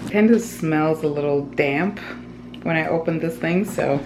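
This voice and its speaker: A woman with a deep, low voice talks her way through a home vlog at an easy, unhurried pace. She rambles casually, leaning on fillers as she thinks aloud. Clear background noise from the home sits under her voice. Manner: chatty, rambling with frequent "like". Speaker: vlogger. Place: at home, indoors.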